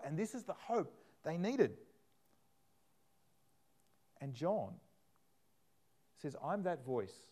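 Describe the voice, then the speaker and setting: A man preaching a sermon, animated, acting out scripture in different voices. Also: a little high, a little slow, long pauses.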